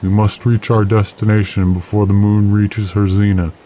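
A secretive masked stranger from a storybook tale, polite and courtly in his old-fashioned phrasing, as a male narrator puts him on. His voice sits very low. Faint insect chirps hum in the background. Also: level tone, normal speed, dark tone, natural voice. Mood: courteous, guarded.

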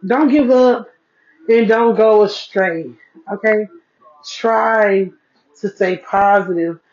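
A woman's voice: medium pitch, takes it slowly, a little mellow. Chatty woman podcaster, dull lo-fi sound. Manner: chatty, repeats herself for emphasis, addresses listeners as y'all. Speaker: podcast host, single mom. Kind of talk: casual solo podcast chat. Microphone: podcast mic. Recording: dull lo-fi recording.

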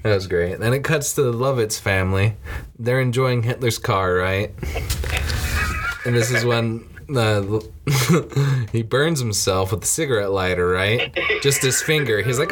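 A man's voice: fairly low pitch, measured pace, a bit bright, slight background noise. A man casually recapping a comedy film with his co-host, rambling, swearing and laughing often. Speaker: podcast co-host. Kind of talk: casual movie recap chat.

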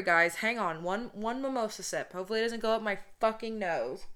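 A woman in her twenties with a somewhat deep voice for a woman, hosting a casual podcast. She rants bluntly and swears freely. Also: fairly quick, few pauses, a bit bright. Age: 20s. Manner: profane, blunt, ranting. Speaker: podcast host.

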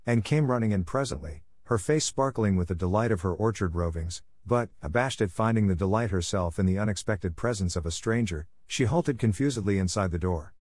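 A man narrating a classic novel as an audiobook in a steady, even reading. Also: low-pitched, no echo.

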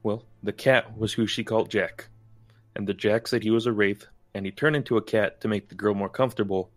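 A man playing in a tabletop game, explaining things in a rushed, rambling way. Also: fairly low pitch, fairly even intonation, soft background music. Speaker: player. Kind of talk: in-character tabletop chat.

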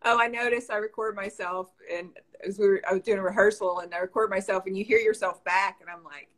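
Bright-voiced Arkansas-accented woman. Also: medium pitch, fairly even intonation, quick pace. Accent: Southern US, Arkansas. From Southern Arkansas, USA. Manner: laughs easily, friendly. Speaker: guest musician. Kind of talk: casual chat.

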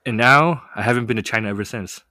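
A young man telling a story in a casual chat, animated and full of fillers. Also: medium pitch, fast, no room sound, clean studio sound. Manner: animated, many "like" fillers, laughs often. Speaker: podcast guest telling a story.

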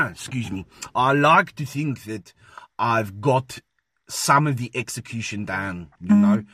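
A man chatting on a podcast in a measured, deliberate way about doing accents. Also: mid-range voice, lively intonation, pushed and bright. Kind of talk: casual banter.

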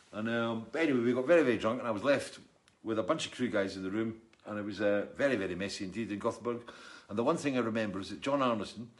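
A middle-aged man, casually chatting and telling rambling stories while reading out viewer comments on a live stream. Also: on the low side. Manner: rambling storyteller, chatty and jokey. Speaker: musician hosting a live stream.

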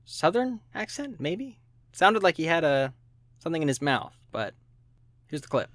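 Deadpan male satirical news host. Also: a little high, moderate pace, dry recording. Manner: dry deadpan delivery. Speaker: podcast host. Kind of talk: scripted satirical news read.

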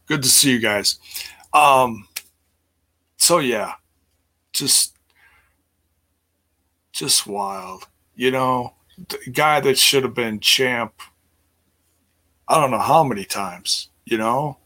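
A man's voice: mid-range voice, takes it slowly, pauses often, pushed and bright. A middle-aged man chatting casually on his livestream, rambling with many fillers and restarts. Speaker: livestream host.

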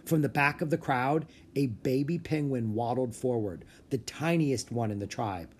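A man narrating a children's book aloud with expressive storytelling. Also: mid-range voice, moderate pace, slightly rough. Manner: expressive, story-telling delivery. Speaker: audiobook narrator.

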